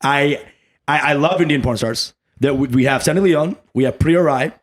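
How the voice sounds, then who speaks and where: A man's voice: fairly high pitch, normal speed. A young man from Bangladesh co-hosting a comedy podcast, talking crude and laughing often. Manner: crude, laughing, slips into loud mock voices. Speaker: podcast co-host. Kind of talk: casual comedy chat.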